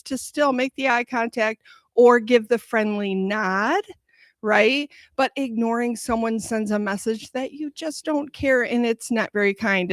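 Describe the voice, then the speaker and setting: A woman's voice: mid-range voice, no echo. A woman giving morning announcements at a school, speaking encouragingly to the children. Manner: warm encouraging address to children.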